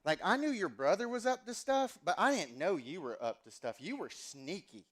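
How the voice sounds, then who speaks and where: A man's voice: high voice, big pitch swings, moderate pace, a bit bright, voice pushed up, full character voice. A man putting on his older Southern mom. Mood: teasing. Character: teasing mother of a grown son, older woman.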